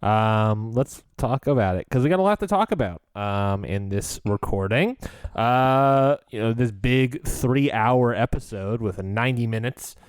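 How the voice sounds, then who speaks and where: A man co-hosting a podcast in casual chat, animated and rambling, laughing often as he talks. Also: mid-range voice, measured pace, smooth, dry recording. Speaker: podcast co-host.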